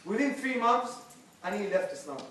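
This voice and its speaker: A man telling a personal conversion story to an audience in emphatic bursts, switching between hushed and loud. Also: high voice, lively intonation, brisk, slight background noise. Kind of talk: animated personal testimony to a live audience. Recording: echoey hall, picked up from a distance.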